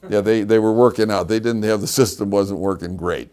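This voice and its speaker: A man teaching a lively class as a rabbi, telling stories and laughing at his own anecdotes. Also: lowish voice, brisk. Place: yeshiva classroom.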